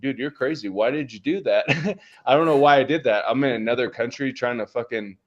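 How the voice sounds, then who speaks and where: Male podcast co-host, mid pitch, rambling profane storyteller, lo-fi audio. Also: a little fast. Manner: rambling, profane, laid-back storytelling with lots of fillers. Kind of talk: casual storytelling.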